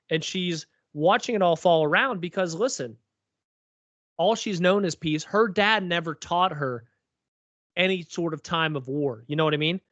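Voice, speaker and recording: Higher-voiced man in casual recap chat. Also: a bit bright, dry recording. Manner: rambling, lots of "like" and "um". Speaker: podcast co-host. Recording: dull lo-fi recording.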